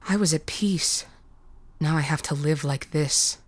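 A woman voicing a boy brought back from death, bitter and despairing, talking quietly and hollowly. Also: sits low, measured pace, no echo. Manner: quiet and hollow, breaking into screams.

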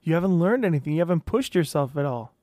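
A man with a slightly high voice talks straight to the camera, animated and candid, often slipping into quick impressions of other people. The sound is close and dry, with no room around it. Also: dry recording. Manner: animated, self-talking, acts out quoted voices. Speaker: vlogger sharing weight-loss surgery journey. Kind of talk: casual monologue.

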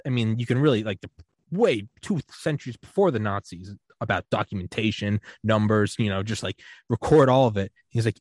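A man telling a long story in casual podcast chat, rambling with many fillers and quick laughs. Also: fairly low pitch, dry recording. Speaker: podcast co-host.

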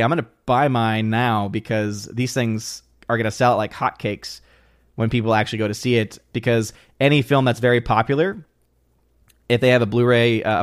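A man hosts a live stream in casual chat, reading viewer comments aloud and often restarting his sentences. His voice sits at an average pitch. The sound is dry and close, with no room echo.

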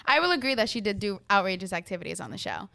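A young woman from Florida, co-hosting a podcast and telling stories in a lively, casual way, acting out the people she quotes. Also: medium pitch, racing, gravelly. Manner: animated, acts out quoted people. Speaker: podcast co-host. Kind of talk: casual storytelling chat.

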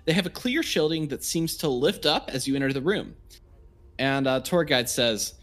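A man's voice: fairly high pitch, expressive, moderate pace, a bit bright, faint music behind. Man game master narrating a tabletop session. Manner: rambling, full of fillers.

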